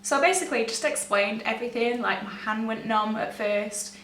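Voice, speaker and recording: Here a young woman vlogger, a young adult, rambles through a personal story on camera, cutting herself off and laughing nervously. She talks briskly in a high-leaning, slightly bright voice. Expect room echo, a distant mic and a faint background hum.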